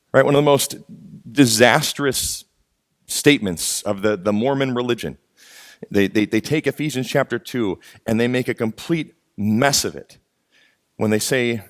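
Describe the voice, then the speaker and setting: A man's voice: medium pitch, dry recording, clean studio sound. Earnest man preaching a sermon. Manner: earnest, emphatic preaching with repeated phrases. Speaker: pastor.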